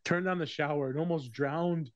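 A man's voice: fairly high pitch, normal speed, highs cut off, a crowd in the background. A man hosting a podcast in casual chat, swearing freely and telling stories with a laugh. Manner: profane, laughing storyteller. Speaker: podcast host.

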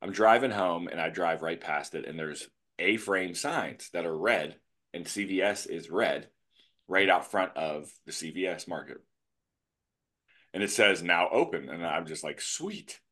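A man's voice: low-pitched, normal speed, pushed and bright. A man hosting a casual podcast, a jokey, rambling storyteller. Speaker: podcast host, animal control officer.

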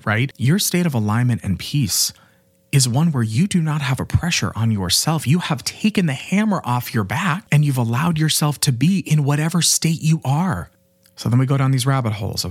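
Earnest young man with a husky, lively voice. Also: mid-range voice, fairly quick, dry recording. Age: 20s. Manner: earnest and fervent, with frequent "you know" and "right?". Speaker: podcast host and life coach. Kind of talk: motivational self-help monologue.

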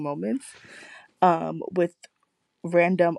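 A woman's voice: lowish voice, lively intonation, moderate pace, darkish tone, dry recording. A young woman in casual chat, talking hesitantly with many fillers and some dry humor.

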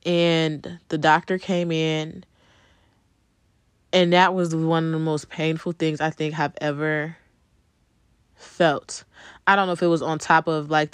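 A woman's voice: low voice, clean tone, no room sound. Woman, personal storytelling, conversational, ums, dry close recording. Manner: conversational, with frequent ums and repeated phrases. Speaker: vlogger telling her birth story.

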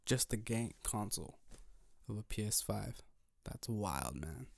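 A low, gravelly-voiced man speaks slowly and evenly on his solo podcast. He has a laid-back, low-energy way of talking and thinks aloud as he goes. The sound is close and dry. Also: no echo. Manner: slow, calm, thinking aloud. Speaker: podcast host. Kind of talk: solo motivational podcast talk.

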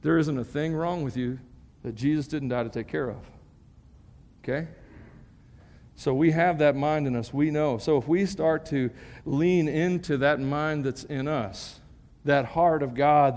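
A high-voiced man preaching a sermon, his voice ringing out in a large hall with a long echo. He talks with lively emphasis that climbs to strong peaks, then drops into joking asides to the congregation. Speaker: pastor.

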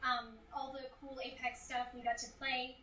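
A woman's voice: sits high, little pitch movement, moderate pace, bright, forceful tone, distant mic, slight background noise. A woman, a voice actress, chatting enthusiastically as a guest in a casual interview. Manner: enthusiastic, gushing. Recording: echoey room, somewhat off-mic.

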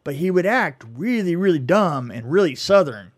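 Guy on a podcast rambling thru a funny story, kinda high voice, keeps tripping over words n laughing. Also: expressive. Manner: rambling, halting, laughs a lot. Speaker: podcast co-host. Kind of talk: casual storytelling chat.

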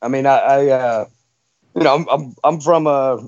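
A man's voice: mid-range voice, moderate pace, a little mellow, no echo, highs cut off. A man with a Texan accent talking casually as a podcast guest, rambling with lots of uh and restarts. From Texas, USA. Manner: rambling, many fillers and restarts.

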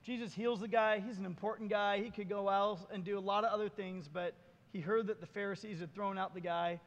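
A male pastor preaching a sermon, retelling Bible scenes with animated, acted-out dialogue. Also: sits high, a little fast, in a large hall, lo-fi sound.

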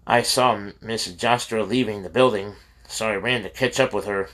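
A man reading a memoir aloud in a steady, plain storytelling manner with small slips. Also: lowish voice, moderate pace. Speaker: reader of a memoir.

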